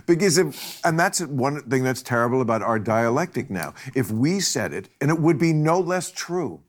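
A man hosting a casual chat, blunt and quick to laugh, often chiming in with agreement. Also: medium pitch, big pitch swings. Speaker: host.

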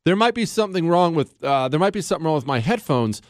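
A man hosting a political commentary show, animated and sarcastic, slipping into mocking voices. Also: on the high side, quick pace, no echo, clean studio sound. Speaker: host.

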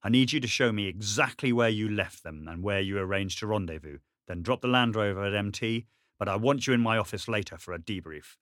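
A man's voice: on the low side, a little fast, fairly bright tone, no room sound, studio quality, natural voice. A man reading an audiobook, voicing an agitated middle-aged male station commander who talks in a raised, urgent and exasperated way. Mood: stern.

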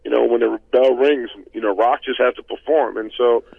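A man in his thirties, a former football player as guest, telling stories in relaxed chat with many fillers, heard over a phone line. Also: medium pitch, moderate pace, vocal fry, slightly rough, no echo. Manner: conversational storyteller, many fillers. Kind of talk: casual interview talk.

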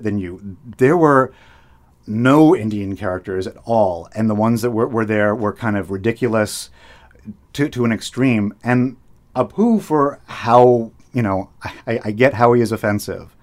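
A man from the United States who hosts public radio chats casually, often repeating words as he thinks out loud. His mid-range voice has lively intonation and a moderate pace. He is identified as a public radio host and as a guest.

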